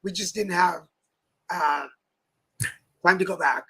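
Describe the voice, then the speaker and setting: Bright-voiced chatty man telling stories. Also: high-pitched, slow, slightly rough, low-quality recording. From Mexico. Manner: chatty, laughing, playful storyteller. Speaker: talk show co-host. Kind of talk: casual chat. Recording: live stream with faint background noise.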